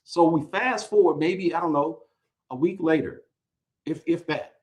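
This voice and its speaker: A man hosting a live podcast, telling a long story with energy, often repeating words and rising in pitch when excited. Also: unhurried, low-quality recording. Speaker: podcast host.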